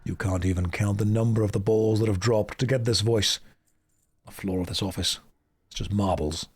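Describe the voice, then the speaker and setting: A man with a deep voice, livestreaming a game and chatting in a dry, mock-serious joking way. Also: fairly even intonation, moderate pace, breathy edge, no echo. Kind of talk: casual gameplay chat.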